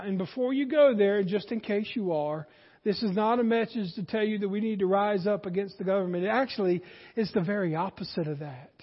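A man with a very high voice preaching a sermon, pushing his lines up with force and then sinking low to make a point. The sound is dull and carries a long church reverb. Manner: animated preaching, rising in force and dropping low for emphasis. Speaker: pastor.

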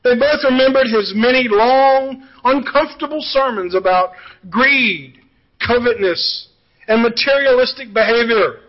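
A man's voice: very high-pitched, unhurried, dull audio. A man preaching a sermon as pastor, telling joke illustrations and then turning earnest. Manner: storytelling preacher, jokey asides then earnest.

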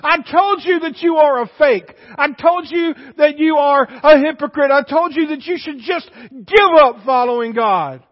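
A man's voice: extremely high pitch, measured pace, few pauses, pitched above the performer's own voice. Casting: a man playing Satan, a sly devil who whispers temptations, then jeers mockingly. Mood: taunting. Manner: soft coaxing whisper turning to loud taunts. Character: deceitful male Satan, coaxing then mocking. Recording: dull recording in a reverberant hall.

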